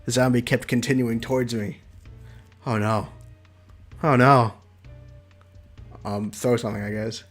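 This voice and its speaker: Brief: chatty young male streamer, mid-pitched voice, game read-along, soft music. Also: fairly even intonation, measured pace, pauses often. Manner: playful, chatty, laughs between lines. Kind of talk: reading a visual novel aloud with commentary.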